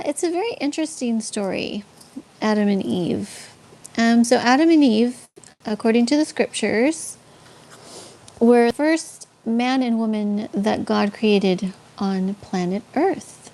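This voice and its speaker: This San Antonio woman has a Tex-Mex accent and a fairly high, slightly mellow voice. On her live stream she chats away, replies to comments from viewers, and tells stories about faith, often stumbling into ums and starting sentences over.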